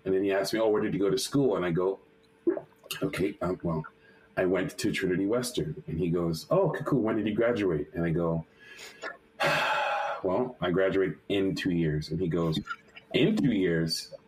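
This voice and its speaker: A male animator, a guest in an interview, telling a personal story lively and acting out the quotes, with many restarts and fillers. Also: low-pitched, fairly quick, rough recording. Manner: lively retelling that acts out quotes.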